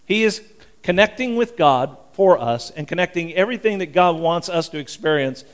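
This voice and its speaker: A male pastor giving a sermon in a church, talking in an animated, conversational way, fervent and full of restarts. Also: sits high, moderate pace, clean tone.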